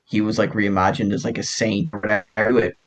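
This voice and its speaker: Animated, foul-mouthed guy. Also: fairly low pitch, fairly quick, muffled recording. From Ireland. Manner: animated, profane, laughing often. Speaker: podcast co-host. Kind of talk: casual storytelling chat.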